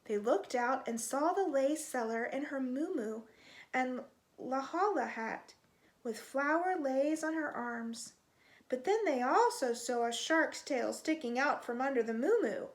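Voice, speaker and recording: Slow, expressive woman reading a storybook. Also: sits high. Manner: expressive, stretching out sound words. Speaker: storytime reader. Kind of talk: reading a children's picture book aloud.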